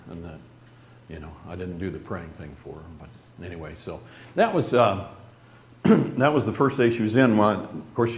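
A man telling a group an emotional personal story in an earnest, halting way, with restarts and some throat-clearing. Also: sits low, darkish tone, echoey room, a little hiss or hum.

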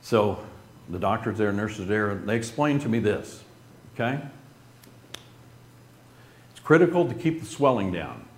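A man's voice: on the low side, big pitch swings, roomy sound. Earnest man telling a personal story. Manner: earnest, halting, with restarts and throat-clearing. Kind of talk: emotional personal testimony.

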